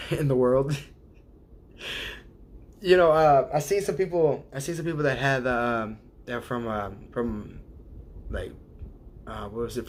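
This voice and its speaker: A man hosting a casual livestream, rambling and hesitant, laughing often as he sounds out viewers' names. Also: mid-range voice. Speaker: livestream host.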